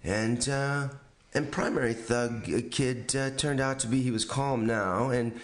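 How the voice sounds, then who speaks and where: A man telling a funny personal anecdote in a casual podcast chat, acting out the voices of the people in it. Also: unhurried. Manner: animated storytelling, acts out quotes with pitch jumps. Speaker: storyteller on a podcast.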